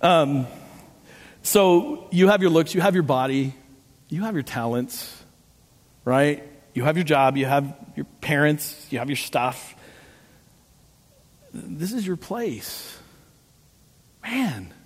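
A man's voice: on the high side, slow, pauses often, husky. A middle-aged man preaching a sermon, telling stories and acting out voices with self-deprecating jokes. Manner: animated storytelling, acting out voices, self-joking. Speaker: pastor. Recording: long hall reverb.

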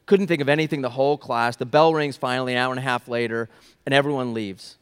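A young man preaching a sermon as a pastor, telling a story and swinging between loud, urgent passages and hushed, quiet ones. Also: mid-range voice, fairly even intonation, fast talker, clear, resonant tone. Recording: long reverb of a large hall.

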